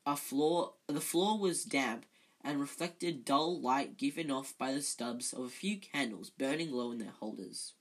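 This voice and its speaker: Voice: medium pitch, unhurried, poor audio. A reader narrating a novel aloud in an amateur way, often stumbling and correcting themselves.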